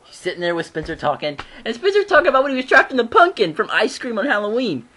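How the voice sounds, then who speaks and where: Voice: medium pitch, sing-song, quick pace, pushed and bright. Giggly rambling episode recap. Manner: rambling, giggly, many restarts. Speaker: show reviewer.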